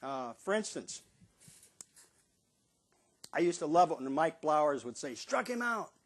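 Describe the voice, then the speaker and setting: An older man in his seventies with a slightly high-pitched voice spins casual, animated stories. He jumps into the voices of the people he quotes and reminisces freely. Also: unhurried. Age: 70s. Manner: animated storyteller who acts out quotes in a raised voice. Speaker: stadium bugler. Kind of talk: casual storytelling monologue.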